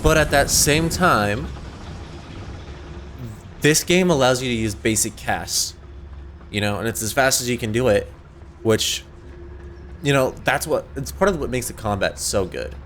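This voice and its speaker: Young male streamer, laid-back rambling gameplay talk, mid pitch, over noisy game audio. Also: expressive, a little slow, long pauses, a bit bright. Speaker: gaming streamer. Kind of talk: casual gameplay commentary. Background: game sounds.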